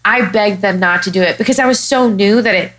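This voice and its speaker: Fairly quick and mid-range, this woman's voice comes through poor audio as she swears her way through a blunt story. A young stand-up from Chicago who hosts a podcast, she's an animated storyteller in casual chat mode.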